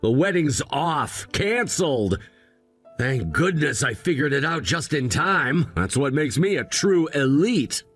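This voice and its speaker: An actor playing an arrogant, snobbish young groom who talks down to everyone with sneering contempt. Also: male voice, a little high, sing-song, unhurried, fairly bright tone, breathy edge, faint music behind, exaggerated voice. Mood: contemptuous. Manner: sneering, condescending.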